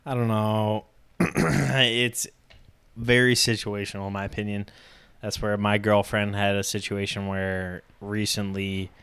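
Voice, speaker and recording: A man's voice: on the low side, fairly even intonation, unhurried, fairly bright tone, smooth. A young man co-hosting a podcast, chatting in a laid-back way with frequent hesitations. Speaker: podcast co-host. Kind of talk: casual chat.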